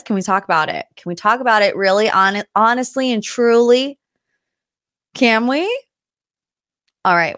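A young adult woman hosts a casual pop culture podcast, sounding chatty and gossipy. Her voice is lowish and a bit bright, captured with clean studio sound and no room echo.

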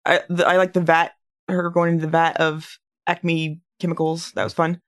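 A speaker co-hosting a podcast in casual chat, talking haltingly with many fillers and restarts. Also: mid-range voice, level tone, a bit bright. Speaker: podcast co-host.

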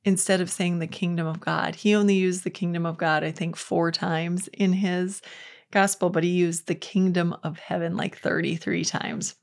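A woman's voice: fairly low pitch, flat delivery, moderate pace, vocal fry. A woman hosting a faith podcast, giving an earnest, conversational Bible teaching with quotes acted out. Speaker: podcast host.

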